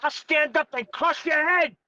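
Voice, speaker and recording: A man's voice: very high voice, steady tone, moderate pace, sharp tone, dry recording. A man on a live show, hotheaded and ranting at an absent critic. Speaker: show guest. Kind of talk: heated live stream banter. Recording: muffled online call audio.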